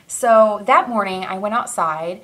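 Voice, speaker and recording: A woman's voice: medium pitch, measured pace, sharp tone. A young woman talks straight to her camera in a casual personal vlog. She rambles and trails off, filling gaps with ums and small laughs as she works through something emotional. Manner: rambling, emotional, self-interrupting with fillers and laughs. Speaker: vlogger.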